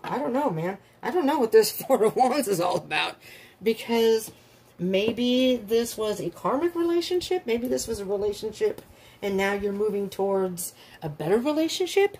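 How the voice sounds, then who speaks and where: A woman reads tarot in a loose, unscripted way, blunt and animated, her voice husky and slightly breathy at a middling pitch. She laughs often and slips into voices for the people she talks about. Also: moderate pace. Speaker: tarot reader. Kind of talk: casual tarot reading.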